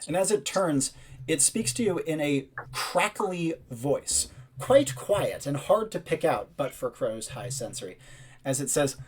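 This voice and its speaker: A man's voice: a little high, big pitch swings, measured pace, a little hiss or hum. A man narrating as game master of a tabletop role-playing game, describing scenes loosely with many fillers.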